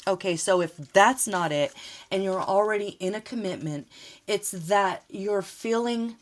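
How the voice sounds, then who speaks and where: A woman's voice: mid-range voice, measured pace. A woman giving a casual spoken tarot reading, talking in a rambling, emotional way and often laughing. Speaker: tarot reader.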